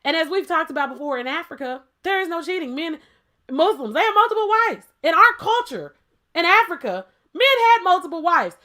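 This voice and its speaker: A woman's voice: very high voice, sing-song, brisk, sharp tone. A woman co-hosting a casual podcast debate, talking emphatically and playfully and firing off rhetorical questions. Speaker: podcast co-host.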